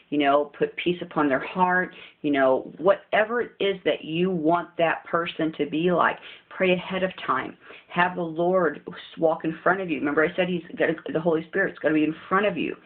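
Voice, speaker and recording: A woman's voice: sits low, moderate pace. A woman giving informal spiritual encouragement, earnest and repetitive, often pleading. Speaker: faith video host. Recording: tinny phone-like audio with faint hiss.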